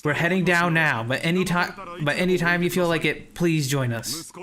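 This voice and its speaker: A man's voice: fairly high pitch, moderate pace, bright, forceful tone, pitched above the performer's own voice. Man doing an earnest middle-aged son, raised pleading voice, dutiful and anxious.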